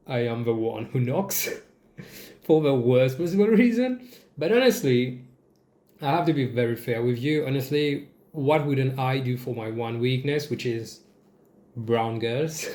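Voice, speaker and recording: Animated Mauritian man in an echoey room. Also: medium pitch, takes it slowly, long pauses. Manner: animated, sarcastic, swears freely. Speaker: vlogger. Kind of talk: casual comedic commentary.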